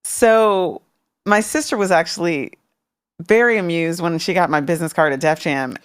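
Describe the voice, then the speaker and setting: A woman's voice: on the low side, normal speed, clear, resonant tone, no echo, studio quality. A woman in her fifties from Washington, D.C., talking candidly and thoughtfully as an interview guest. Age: 50s. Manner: reflective, candid. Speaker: interview guest, former music executive. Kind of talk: casual interview.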